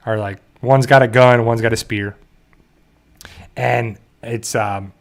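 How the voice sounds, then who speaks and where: A man hosting a show, animatedly recapping a TV episode in casual talk and briefly mimicking the characters. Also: medium pitch. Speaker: show host.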